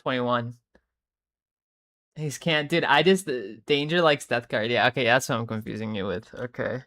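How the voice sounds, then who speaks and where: A young streamer, worn out and chatting casually to a live audience. The talk rambles, swears freely and keeps breaking off mid-sentence to start again, at a middling pitch. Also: normal speed, a bit bright. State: tired. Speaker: live streamer reading chat.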